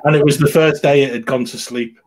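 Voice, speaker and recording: A man's voice: mid-range voice, fairly even intonation, a little fast. A man co-hosting a casual group chat, rambling and correcting himself as he talks. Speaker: podcast co-host.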